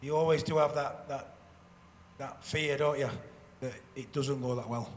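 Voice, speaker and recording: A man's voice: medium pitch, steady tone, normal speed, a little hiss or hum. Rambling man in a reverberant hall. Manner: rambling, many restarts and repeated words. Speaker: panel guest, former rugby league player. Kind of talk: live stage conversation. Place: festival stage in a hall.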